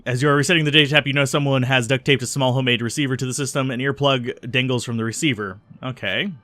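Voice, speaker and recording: A man's voice: medium pitch, steady tone, fast talker, bright, forceful tone, no echo. A man hosting a let's play, musing casually over a role-playing game and reading its text aloud, with frequent ums. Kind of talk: casual gameplay commentary.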